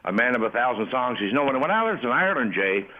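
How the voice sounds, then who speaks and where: An older man from Canada's Maritimes rambles through jokes and homespun stories as a radio guest. His voice sits at an ordinary pitch. It comes through a thin, tinny telephone line. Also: sing-song, quick pace. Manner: joking storyteller, folksy. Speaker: comedian guest. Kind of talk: casual call-in interview.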